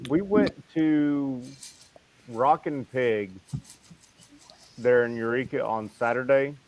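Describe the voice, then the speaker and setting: A man's voice: mid-range voice, slow, darkish tone, muffled recording. A man chatting casually in an online hangout, blunt and profane, sometimes laughing mid-sentence. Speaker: chat guest. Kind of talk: casual chat.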